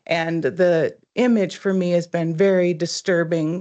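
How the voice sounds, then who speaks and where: A woman speaks at a council lectern, halting and hesitant, with many pauses and fillers. Her voice is low and very flat. The meeting audio sounds dull and lo-fi. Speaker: public commenter. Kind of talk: public comment at a council meeting. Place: council chamber.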